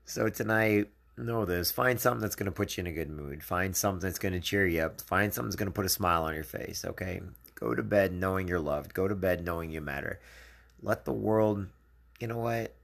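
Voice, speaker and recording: Speaking a little fast, the channel host addresses his viewers in a casual live video, his very low voice rough and gravelly with fry. His tone is fairly bright as he earnestly encourages and comforts them in a simple, personal way.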